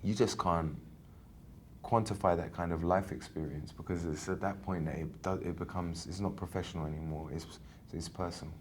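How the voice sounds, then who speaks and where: A man's voice: sits low, fairly quick, a little hiss or hum. A man in his thirties from England, an actor chatting in an interview, telling stories animatedly with many restarts. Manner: animated storytelling, frequent restarts. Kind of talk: casual interview chat.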